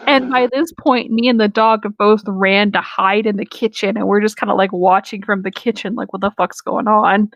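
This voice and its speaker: A woman's voice: mid-range voice, fairly even intonation, normal speed, few pauses, dry recording, highs cut off. Chatty young woman telling a story. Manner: rambling, lots of "like" fillers, swears freely. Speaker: podcast co-host. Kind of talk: casual storytelling chat.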